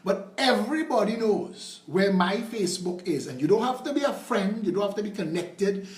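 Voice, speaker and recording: A man's voice: sits high, lively intonation, moderate pace, roomy sound. A man with a Trinidadian accent hosting a political call-in show, combative and sarcastic. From Trinidad and Tobago. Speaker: political talk show host.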